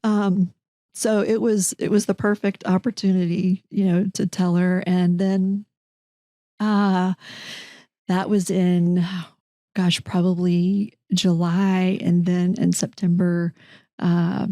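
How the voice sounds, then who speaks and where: A middle-aged woman with a drawl tells her story as an interview guest. Her voice is low and mellow. She slips into the voices of the people she quotes. The recording is dry and close. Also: takes it slowly, no echo. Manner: animated, acts out quoted dialogue, frequent restarts. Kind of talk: conversational storytelling.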